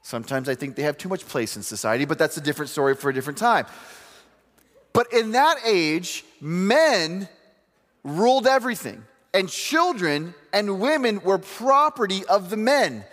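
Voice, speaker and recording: Male preacher, humorous storyteller, lively pitch swings, long hall reverb. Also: moderate pace. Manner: animated storytelling with humor and quoted voices. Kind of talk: sermon.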